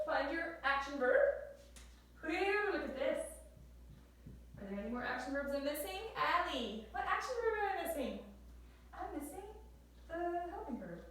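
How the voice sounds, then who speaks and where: A high-pitched woman walks a class through grammar, coaxing and repeating questions. She sounds set back from the mic in a very echoey room with a faint hiss. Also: expressive, brisk, far from the mic. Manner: encouraging, repeats questions, drawls y'all. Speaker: teacher.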